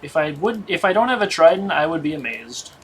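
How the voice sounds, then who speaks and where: A man's voice: a little high, very animated, fairly quick, fairly bright tone, slight background noise, rough recording. A man streaming a game, testing a weapon and muttering damage numbers in casual commentary from a home setup.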